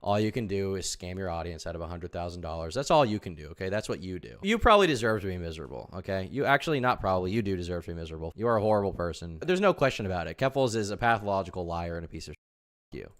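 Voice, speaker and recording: A man's voice: deep voice, very animated, racing. Laughing, ranting young man streamer. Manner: mocking, laughing, swearing rants. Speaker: streamer reacting to a video. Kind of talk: live-stream reaction commentary.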